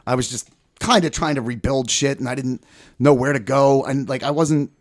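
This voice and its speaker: A man's voice: medium pitch, fairly even intonation, moderate pace. A man in his forties telling rambling, profane stories in a casual podcast chat. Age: 40s.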